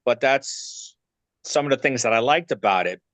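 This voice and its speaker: A man's voice: medium pitch, lively intonation, normal speed, fairly bright tone, no echo. A man with a New York accent, speaking as an interview guest in a loose way, with many fillers while he searches for words. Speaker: actor and filmmaker guest. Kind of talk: casual interview talk.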